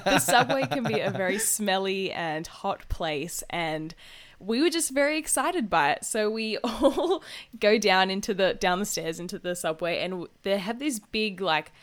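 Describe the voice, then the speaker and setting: A woman's voice: mid-range voice, lively intonation, normal speed. A young Australian woman co-hosting a podcast, telling a story in a chatty, casual way with lots of "like" and frequent laughter. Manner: chatty, laughs often, many "like" fillers. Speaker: podcast co-host.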